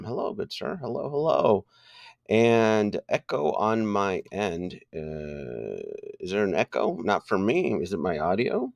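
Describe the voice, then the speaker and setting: A man's voice: fairly low pitch, very animated, measured pace, gravelly, dry recording, studio quality. A man hosting a casual live stream, greeting viewers one by one and joking loosely, with many fillers and restarts. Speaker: livestream host greeting viewers.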